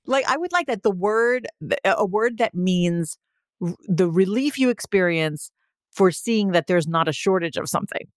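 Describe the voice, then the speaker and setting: A woman co-hosting a podcast in casual chat, chatty and laughing often, with animated asides. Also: mid-range voice, moderate pace, no echo, clean studio sound. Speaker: podcast co-host.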